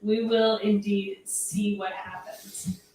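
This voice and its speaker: A woman's voice: mid-range voice, flat delivery, takes it slowly, a little mellow, slight background noise. Woman, podcast host, tipsy with hiccups, teasing casual chat, distant mic. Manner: teasing, wraps up the show. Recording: echoey room, far from mic.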